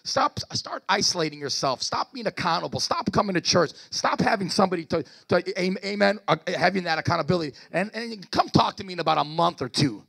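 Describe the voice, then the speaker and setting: A man's voice: sits high, lively intonation, brisk, gravelly, hardly any pauses, fairly bright tone. A man preaching a sermon at a church service as pastor, calling out to the congregation and urging them to respond.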